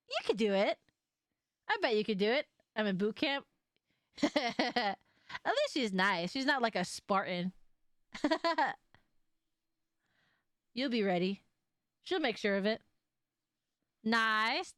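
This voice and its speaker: A young woman chatting on a live game stream, her voice fairly high and very lively in pitch. She talks at an unhurried pace, laughs often, and swears now and then. The sound is dry and close. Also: dry recording.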